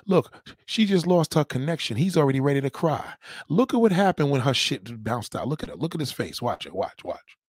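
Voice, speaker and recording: Profane live commentary comes from a host reacting to a clip, ridiculing its guest with the same crude commands over and over. He speaks at medium pitch with big pitch swings, a bit fast and slightly rough, over a dry, clean studio recording.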